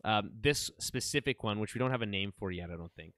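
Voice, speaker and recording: A man's voice: fairly low pitch, brisk, fairly bright tone. A man co-hosting a casual show review, rambling with fillers and restarts, wry and dry in his humor. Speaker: podcast co-host.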